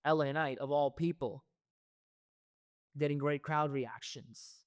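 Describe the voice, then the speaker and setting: A man's voice: fairly high pitch, measured pace, no echo, clean studio sound. A man hosting a wrestling reaction show, ranting heatedly with lots of profanity and repeated phrases. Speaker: wrestling commentary host.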